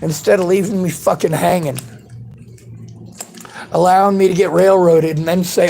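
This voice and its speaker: High-voiced man in a bitter, profane rant. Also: steady tone, moderate pace, vocal fry, pauses often, dark tone, slight background noise. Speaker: vlogger. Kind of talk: angry monologue to camera.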